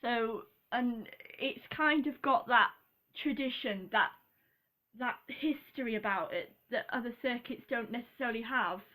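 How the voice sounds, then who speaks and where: A young woman from Britain talking casually to her viewers. She is giggly and rambling, often pausing on an um. She speaks slowly, in a slightly raised pitch. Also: a bit bright. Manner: giggly, rambling, apologetic, with frequent ums. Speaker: vlogger. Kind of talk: casual chat.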